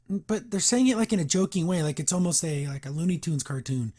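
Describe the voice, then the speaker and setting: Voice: mid-range voice, lively intonation, fairly quick, darkish tone. A podcast host giving a casual recap and review of a cartoon episode. The host rambles, uses lots of fillers and sounds wry and incredulous.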